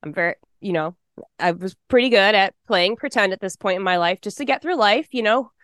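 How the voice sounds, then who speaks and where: A woman in her forties from Texas, telling her personal testimony in an interview, emotional and fast-talking. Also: mid-range voice, lively intonation, a bit bright, dry recording, clean studio sound.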